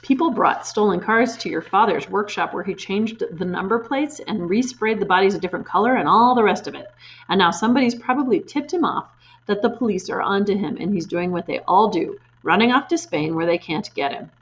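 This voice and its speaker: Lady doing a soft calm kind teacher, storybook, bit muffled. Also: medium pitch, brisk, lightly acted. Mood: gentle. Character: kind gentle young schoolteacher woman. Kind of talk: storybook read-aloud.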